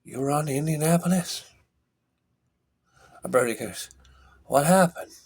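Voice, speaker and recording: A man doing Quint, a gruff old shark hunter. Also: a little high, a little slow. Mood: grim. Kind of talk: film scene impression.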